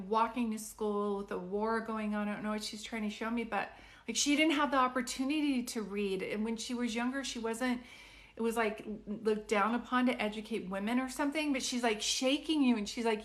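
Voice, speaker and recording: A middle-aged woman with a slightly high voice gives psychic readings on a live stream. She's chatty and reassuring, often saying "like" and "do you know what I mean."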